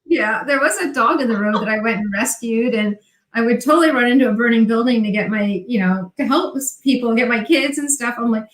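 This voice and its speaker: A woman's voice: fairly high pitch, brisk. A woman with a New Jersey accent, a guest on a video call, telling stories and acting out the dialogue. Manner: animated storyteller acting out quoted dialogue. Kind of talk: casual chat. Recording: echoey room.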